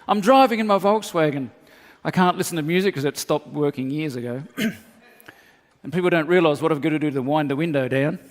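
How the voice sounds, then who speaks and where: A man preaching a sermon, telling comic stories and acting out the voices in them. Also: on the high side. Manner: animated, acts out voices in his stories. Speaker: pastor. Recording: long hall reverb.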